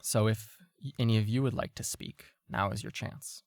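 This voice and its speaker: A man narrating as game master of a tabletop role-playing game, relaxed with many fillers. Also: lowish voice, normal speed, no echo, clean studio sound.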